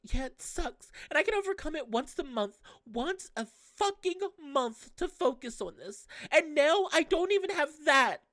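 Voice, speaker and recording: A woman reading the lines of a distraught, depressed young female student from a game, voiced higher than her own voice and lashing out as she swears. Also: lively intonation, a little slow, hardly any pauses, a bit bright, dry recording, studio quality. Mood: anguished.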